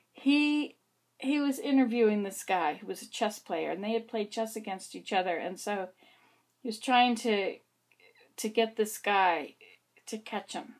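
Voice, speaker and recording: A woman's voice: medium pitch, gravelly. A woman vlogging to camera, chatting in a rambling, meandering way with little asides to herself. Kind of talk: casual chat to camera. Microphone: camera facing her like a mirror.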